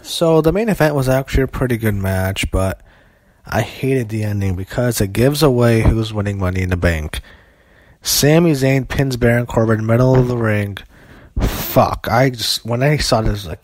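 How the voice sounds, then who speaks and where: A man's voice: medium pitch, normal speed, no echo. A young man reviewing a wrestling show in an opinionated, rambling, foul-mouthed way, often restarting his sentences. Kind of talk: casual solo review.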